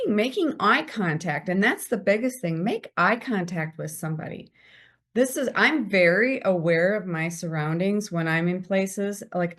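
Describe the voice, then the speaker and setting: Woman, podcast guest, animated advice, acts out quoted chatter. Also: medium pitch. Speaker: guest, visibility strategist.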